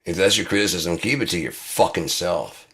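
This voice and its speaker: A man's voice: low-pitched, normal speed, fairly bright tone. A man hosting his own channel, swearing through an angry rant and acting out both sides of arguments himself. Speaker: channel host. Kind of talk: angry ranting monologue.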